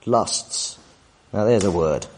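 A man's voice: sits low, animated, slow pace, a little mellow, slight background noise. A man in his forties teaching a Bible study in sermon style, emphatic and often tossing tag questions at his listeners. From United Kingdom. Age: 40s. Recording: long reverb of a hall.

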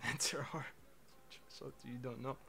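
A man's voice: mid-range voice, fairly even intonation, a little slow, creaky, sharp tone, slight background noise. A young man streaming casually, laughing, swearing and telling a chatbot to move on. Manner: laid-back, laughing, swearing, impatient with the bot. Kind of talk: casual livestream chat.

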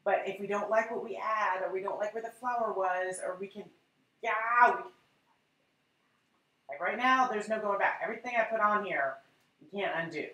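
A woman's voice: medium pitch, a little fast, a bit bright, reverberant, poor audio. A woman teaching a live painting class, chatty and encouraging as she talks to her viewers. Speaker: art instructor.

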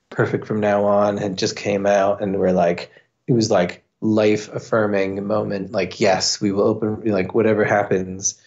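A man's voice: fairly low pitch, a little mellow, muffled recording. A man telling a long, profane anecdote in a casual podcast chat, with many fillers. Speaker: podcast guest. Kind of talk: casual storytelling.

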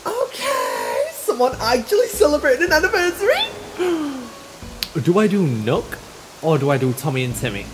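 A man hosting a let's play, commenting in a sweary, animated way. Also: very high voice, unhurried. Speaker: gaming channel host. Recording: roomy reverb with game music behind.

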